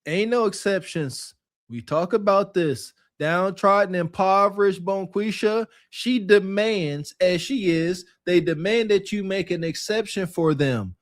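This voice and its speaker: A man's voice: sits high, measured pace, dry recording, clean studio sound. A man co-hosting a podcast, giving mocking, emphatic commentary. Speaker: podcast co-host. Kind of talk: casual commentary.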